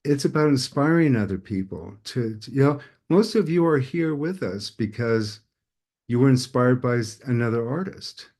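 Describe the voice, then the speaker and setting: A man's voice: medium pitch, lively intonation, moderate pace, darkish tone. A middle-aged man telling a personal story to a group as host, acting out the voices of people in it. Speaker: podcast host, painter.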